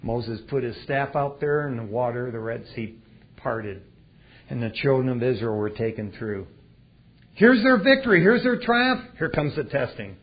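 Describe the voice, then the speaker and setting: A man preaching a sermon in a folksy way, swinging between loud and hushed delivery. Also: medium pitch, normal speed, breathy edge. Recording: dull lo-fi recording.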